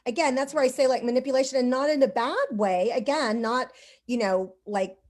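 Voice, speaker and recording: Higher-voiced female host, rambling anecdotal delivery, casual online talk. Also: fairly quick, a little mellow. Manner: rambling storyteller, lots of "like" and "you know". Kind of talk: casual conversation.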